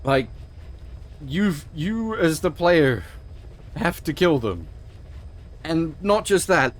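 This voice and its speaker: A man's voice: a little high, sing-song, takes it slowly, pauses often. A man streaming a game in a loose, rambling chat, swearing freely as he reacts and sounding a little choked up. His voice sits a touch above the usual male range. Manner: rambling, emphatic, swears often. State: emotional, choked up. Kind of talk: casual livestream commentary.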